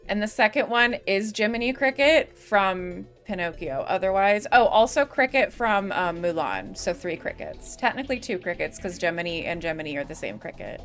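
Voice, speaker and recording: A woman's voice: mid-range voice, expressive, moderate pace, hardly any pauses. Young woman from the Midwest, game streamer, mid-range voice, rambling and giggly with lots of cursing, faint music underneath. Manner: rambling, giggly, swears freely. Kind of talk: casual gaming stream chatter.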